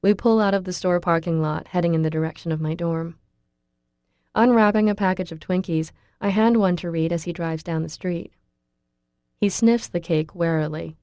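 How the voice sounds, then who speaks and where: A woman reads a first-person audiobook in an intimate, expressive way. Her voice is fairly low and mellow, recorded close and dry. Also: normal speed, no echo. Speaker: audiobook narrator.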